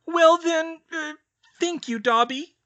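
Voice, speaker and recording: A man reading an audiobook and voicing a shy, suspicious little female house-elf with a squeaky voice. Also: slow pace, sharp tone, full character voice.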